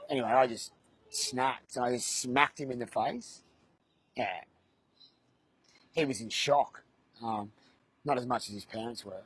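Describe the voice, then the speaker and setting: An Australian man delivers a comic monologue about parenting in a deadpan, crude way. He drops mocking asides. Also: mid-range voice, measured pace, pauses often, breathy edge. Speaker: comedian. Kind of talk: stand-up style comic monologue.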